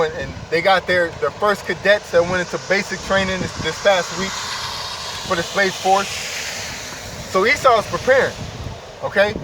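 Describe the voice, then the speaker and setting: A man preaching informally outdoors, emphatic and repetitive, often saying "man" and "okay". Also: high-pitched. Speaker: street preacher. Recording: distant mic, loud traffic noise outdoors.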